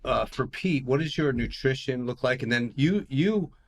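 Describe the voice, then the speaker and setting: A man's voice: mid-range voice, expressive, normal speed. Easygoing man in his sixties hosting a podcast. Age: 60s. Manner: easygoing, steering the talk with questions. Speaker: podcast host. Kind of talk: casual interview chat.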